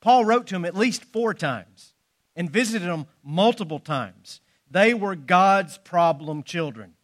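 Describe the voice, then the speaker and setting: A man preaching a sermon, telling folksy jokes and stories with animated emphasis. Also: high voice, unhurried. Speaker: pastor.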